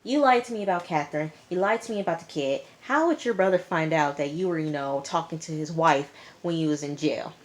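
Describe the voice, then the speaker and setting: A pushy male ex-convict, blunt and streetwise, voiced by a woman retelling a scene. He talks in a confrontational way, in a low voice. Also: a little fast, natural voice. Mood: accusing. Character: pushy male ex-convict, scheming then accusing.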